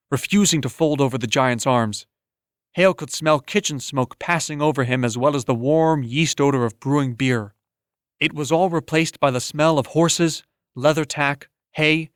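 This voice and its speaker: Steady male audiobook narrator, dry studio sound. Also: medium pitch, smooth, dry recording. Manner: steady, measured storytelling. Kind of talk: scripted narration.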